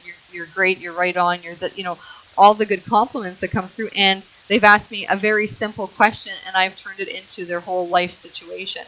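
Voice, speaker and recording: A chatty woman hosting a call-in psychic show, talking loosely and laughing often between thoughts. Her voice sits at an ordinary middle pitch. The audio comes across muffled and lo-fi, like an online radio stream. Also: fairly bright tone.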